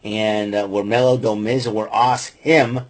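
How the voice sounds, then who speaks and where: A man's voice: fairly low pitch, flat delivery, a little slow. A man hosting a podcast, giving a rambling casual recap with lots of fillers and restarts and blunt opinions. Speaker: podcast host recapping wrestling.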